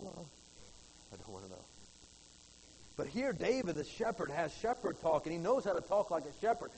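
A man preaching a folksy sermon to his church, swinging from loud to hushed. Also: high voice, a little hiss or hum, rough recording. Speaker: pastor.

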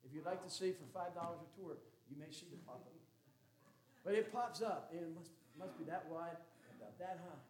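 A man's voice: on the high side, a little fast, a little mellow. A man preaching a sermon as a Baptist pastor, folksy and joking, then emphatic.

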